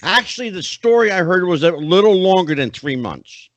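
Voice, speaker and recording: A man's voice: sits high, animated, moderate pace, dry recording. A middle-aged man hosting a podcast interview, chatty and often rephrasing himself. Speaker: podcast host.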